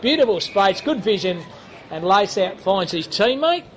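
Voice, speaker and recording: Australian man, high-pitched football caller, jokey, faint crowd outdoors. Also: sing-song, normal speed, fairly bright tone. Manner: jokey, chatty banter between calls. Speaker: football commentator. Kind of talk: live local football commentary.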